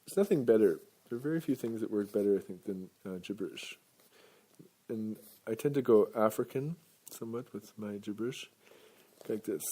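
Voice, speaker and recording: A man's voice: on the low side, normal speed, warm tone, slightly rough. A man rambling through live stand-up banter and laughing at his own slips at a venue with an audience. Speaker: comedian and kirtan singer. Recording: live show with music and crowd. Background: guitar music and a crowd.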